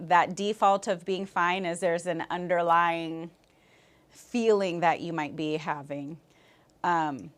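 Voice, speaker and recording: A woman teaching a language class, patiently modeling words and repeating them slowly for her students. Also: lowish voice.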